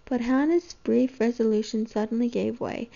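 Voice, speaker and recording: A woman reading a novel aloud with a gravelly voice, steady and even. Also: on the high side, normal speed. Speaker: reader. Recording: dull lo-fi home recording.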